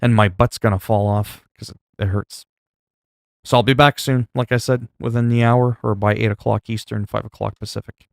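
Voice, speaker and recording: A man talking to his viewers at a home streaming desk, rambling from topic to topic with plenty of ums and little self-digs. His voice sits on the low side, and the sound is dry and close with almost no room echo. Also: steady tone, moderate pace, creaky. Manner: rambling, chatty, self-mocking, many fillers. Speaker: livestreamer. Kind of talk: casual livestream chat.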